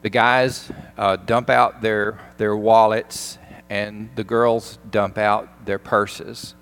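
A pastor giving a sermon, retelling a film scene in an animated, emphatic way. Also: male voice, fairly low pitch, slow pace.

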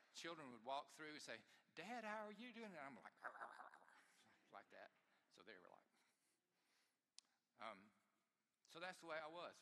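A male pastor telling a personal story from the pulpit with bright, forceful energy. His sermon rings through a church sanctuary with a long reverberant tail. His tone stays lively and self-deprecating. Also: mid-range voice.

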